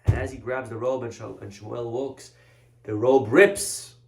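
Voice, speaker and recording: A man, a rabbi, preaching in a lively, conversational storytelling way. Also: mid-range voice, measured pace, vocal fry. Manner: animated, conversational, vivid storytelling. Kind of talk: sermon storytelling. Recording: roomy echoey room.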